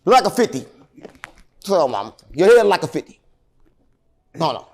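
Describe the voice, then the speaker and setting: A man tells long, rambling stories in a casual interview. He is animated and jokes with a straight face. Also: on the high side, normal speed. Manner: animated, rambling, deadpan joking. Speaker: interview guest.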